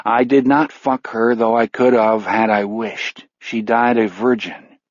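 A man reading an audiobook voices the flat, chilling words of an anonymous killer's letters. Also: mid-range voice, unhurried, no echo, natural voice. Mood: cold. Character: menacing anonymous letter writer, cold and calm. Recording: dull, dry studio audio.

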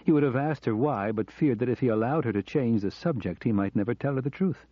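A man narrating an audiobook in a calm, measured storytelling manner. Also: medium pitch, no echo. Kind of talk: scripted narration. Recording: dull lo-fi audio.

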